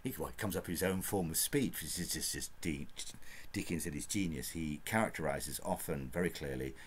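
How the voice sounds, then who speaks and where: Deep-voiced man reviewing a book. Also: brisk, a little hiss or hum. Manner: rambling, chatty, with frequent fillers and chuckles.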